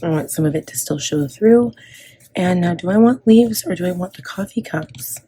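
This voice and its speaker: A woman's voice: fairly low pitch, normal speed, dark tone, a little hiss or hum. A woman from Canada in her thirties chatting casually as she plans and decorates her planner, rambling with frequent ums and restarts. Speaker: planner vlogger.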